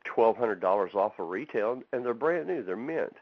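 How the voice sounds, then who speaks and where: Folksy low-voiced man, dull dry recording. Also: lively intonation, normal speed, no room sound. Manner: folksy storyteller, acts out quotes. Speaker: barbecue pit maker and fab shop owner. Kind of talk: casual phone interview.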